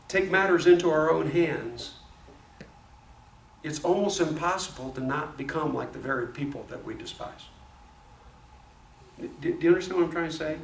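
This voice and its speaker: Gravelly man teaching in an echoey room. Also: on the high side. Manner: animated storytelling with frequent restarts and stammers. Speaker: Bible study teacher. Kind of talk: casual Bible study teaching. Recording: echoey room, mic at a distance, faint noise.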